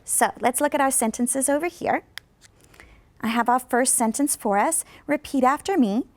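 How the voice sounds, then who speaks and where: A woman professor teaching English pronunciation in a video lesson, speaking patiently and slowing down on model sentences for students to repeat. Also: sits high. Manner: patient, instructive. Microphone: studio microphone.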